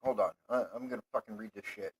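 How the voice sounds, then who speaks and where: A man hosting his own show, delivering a profane, rambling monologue that swears constantly and flares into heated yelling. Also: lowish voice, steady tone, fast, slightly rough, rough recording.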